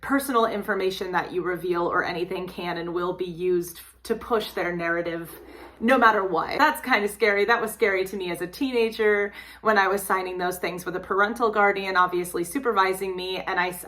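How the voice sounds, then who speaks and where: A woman's voice: mid-range voice, a little fast, a bit bright. A young adult woman, an opera singer and voice teacher, explaining vocal technique in a casual, teacherly reaction commentary.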